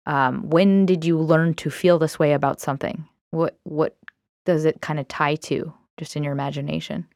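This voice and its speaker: A woman's voice: low voice, steady tone, moderate pace, darkish tone, no room sound, clean studio sound. A woman giving casual, candid self-help advice on emotions, talking conversationally with frequent fillers.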